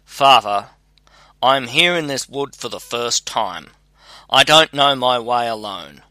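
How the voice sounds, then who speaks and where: A clever, patient young scholar and son, calm and reassuring, as a man reads him aloud in a storybook. The voice sounds bright and slow, and the sound is dry. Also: medium pitch, dry recording.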